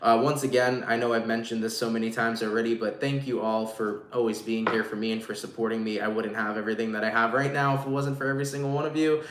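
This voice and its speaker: A man's voice: mid-range voice, steady tone, fast talker, few pauses. A man giving a casual live tarot reading to viewers, talking in slang and swearing freely. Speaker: tarot reader. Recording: echoey room, faint noise.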